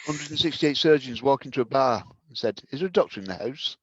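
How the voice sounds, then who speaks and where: A man's voice: medium pitch, lively intonation, quick pace. A man telling short improvised bar jokes in a dry, offhand way. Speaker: improv performer. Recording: dull lo-fi audio.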